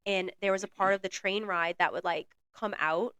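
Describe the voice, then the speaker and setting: A woman co-hosts a podcast and chats animatedly, drawing out her stories. Her voice is bright and crisp. The close mic keeps it dry. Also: medium pitch, normal speed, dry recording. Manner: animated, storytelling, chatty. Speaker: book podcast co-host. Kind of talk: casual chat.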